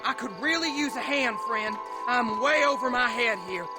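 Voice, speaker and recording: Desperate frontier dad, urgent and pleading, high-ish voice, heavy score behind. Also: male voice, moderate pace. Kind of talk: video game voice acting. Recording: game audio with loud music.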